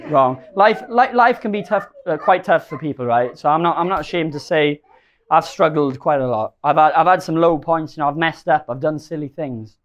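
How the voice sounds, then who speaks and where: A man's voice: fairly high pitch, moderate pace, a bit bright, muffled recording. Rambling, emotional young man giving a wedding speech. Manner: rambling and emotional, laughing at himself. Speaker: best man. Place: wedding reception.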